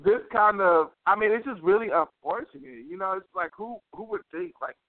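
A man co-hosting a podcast in casual chat, animated and profane, filling every pause with "like". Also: high voice, dry recording. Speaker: podcast co-host. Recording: dry, tinny phone-like sound.

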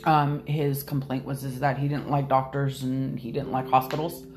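A woman's voice: extremely low pitch, little pitch movement, moderate pace. A woman guest on a podcast telling a personal story candidly, hesitant and restarting often. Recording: soft music behind.

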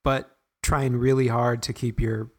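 A man in casual chat, adding quiet, dry jokey asides. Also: mid-range voice, level tone, a little slow.

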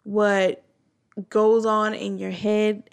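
Gravelly-voiced woman telling a story. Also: very slow. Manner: animated storytelling, acting out quotes with pitch jumps. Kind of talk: casual chat.

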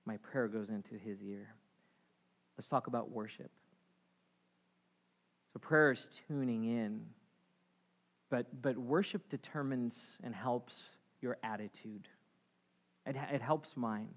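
A man preaching a sermon as pastor, swinging between loud emphatic calls and quiet asides. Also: medium pitch, unhurried, highs cut off.

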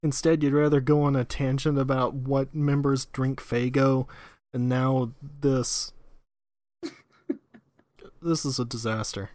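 A man's voice: medium pitch, little pitch movement, slow pace, pauses often, a little mellow, no echo. A man co-hosting a casual comedy chat, teasing his partner with sarcastic jabs. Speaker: podcast co-host.

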